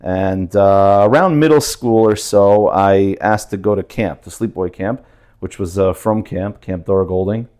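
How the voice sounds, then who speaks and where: Brief: interview guest, man, Russian speaker, casual and rambling, low voice. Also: normal speed, a little mellow. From New Jersey, USA. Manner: chatty, many fillers and restarts.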